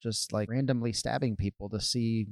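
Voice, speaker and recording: Man, player, gravelly voice, playful joking talk. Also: medium pitch, steady tone, normal speed, no room sound, studio quality. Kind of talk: casual play chat.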